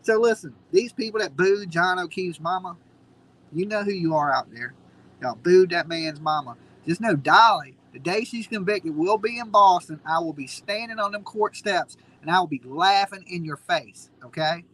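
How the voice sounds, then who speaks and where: A man's voice: sits high, normal speed, fairly bright tone, poor audio. A man hosting a live stream, ranting in a mocking, combative way. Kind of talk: heated casual commentary.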